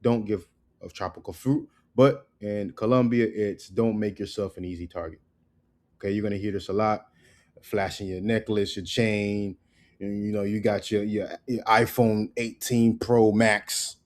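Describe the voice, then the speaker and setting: Chill american guy, lowish voice, teaching slang words slow and loose, lots of "right?". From United States. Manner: relaxed, loose, repeats words slowly with fillers like "right?". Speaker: language teacher. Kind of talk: casual spoken lesson.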